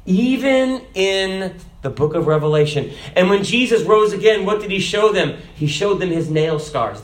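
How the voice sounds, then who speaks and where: Animated preacher with a slightly high voice. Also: male voice, normal speed, hardly any pauses. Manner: animated preaching, rhetorical questions, reads scripture aloud. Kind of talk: sermon.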